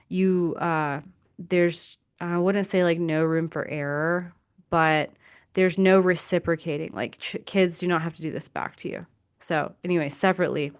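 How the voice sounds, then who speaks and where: A woman's voice: lowish voice, smooth. A woman podcast host and coach giving a casual teaching talk, animatedly acting out quoted reactions and swearing now and then.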